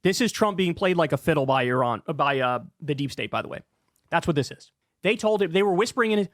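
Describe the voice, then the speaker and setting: A man's voice: high-pitched, expressive, fairly bright tone, dry recording, studio quality. A man giving heated, sarcastic political commentary as a streamer. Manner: angry, sarcastic, rapid ranting.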